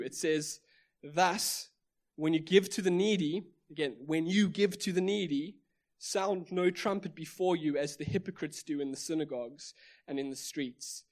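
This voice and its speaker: A South African man with a South African accent preaching a sermon, emphatic, with repeated phrases and rhetorical questions. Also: a little high. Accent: South African English. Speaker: pastor.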